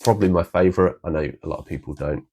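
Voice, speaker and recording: Very deep-voiced man chatting. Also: fast, a little mellow, slightly rough. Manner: rambling with many restarts. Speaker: collector vlogger. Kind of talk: casual vlog chat.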